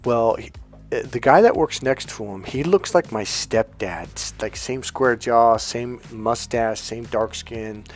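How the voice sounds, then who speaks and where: A man's voice: mid-range voice, a little slow, soft background music. A man, a life coach, telling a story to his viewers in a rambling, chatty way full of fillers and restarts. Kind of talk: casual storytelling monologue to viewers.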